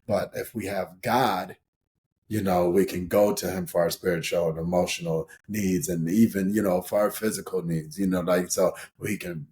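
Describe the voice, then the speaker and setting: Middle-aged man from St. Paul, low voice, loose and rambling storyteller, guest on a chat podcast. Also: steady tone, moderate pace, a little mellow. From St. Paul, Minnesota, USA. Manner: rambling, full of "you know" and restarts, laughs as he tells stories. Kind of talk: casual interview storytelling.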